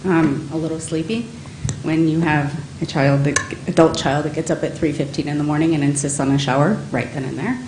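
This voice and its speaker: Low-voiced woman speaking at a meeting. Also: fairly even intonation, a little fast. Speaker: union vice president, home care provider. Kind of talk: public comment at a county meeting. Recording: echoey meeting room with faint noise.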